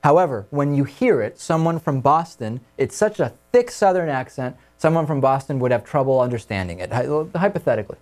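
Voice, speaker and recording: A man's voice: mid-range voice, expressive, a little fast, hardly any pauses, darkish tone. A man hosting a talk radio show, leading casual discussion with his co-hosts in a conversational way.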